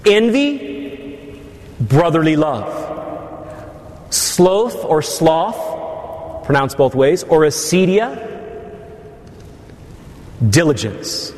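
Priest guy preaching, kinda high voice, long reverb from the church. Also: sing-song, drawn-out words, long pauses, a little mellow. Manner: preaching with teasing asides to the congregation. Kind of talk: sermon.

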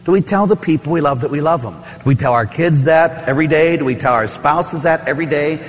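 Priest preaching in a reverberant church. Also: male voice, on the high side, fairly quick. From Pittsburgh. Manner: storytelling, conversational with asides and rhetorical questions. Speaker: Catholic priest. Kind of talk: sermon.

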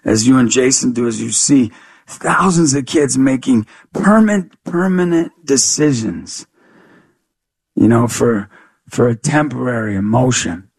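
A man with a gravelly, husky voice tells a story as an interview guest. He acts out the lines of dialogue in an animated way. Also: medium pitch, measured pace. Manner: animated storyteller who acts out dialogue, much "you know" and "I go". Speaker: guest, youth speaker.

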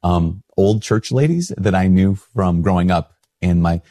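A man's voice: sits low, measured pace, dark tone, no echo, clean studio sound. A man, a priest, talking candidly to camera, self-questioning and loose with fillers. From Minnesota. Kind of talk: casual reflective talk to camera.

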